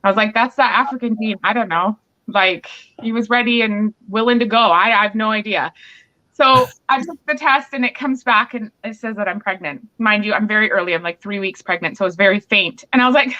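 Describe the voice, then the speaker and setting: In a muffled, lo-fi recording, a pregnant podcast host recounts a quarrel candidly and voices both sides of it in casual conversation. Her tone is bright and forceful, her voice a little high, her delivery brisk.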